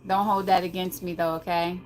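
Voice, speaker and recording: With a fairly low, level, darkish voice at a fairly quick pace, a middle-aged American woman with a slight lisp runs a casual livestream. She chats while reading and replying to the chat aloud, captured in poor audio with slight background noise.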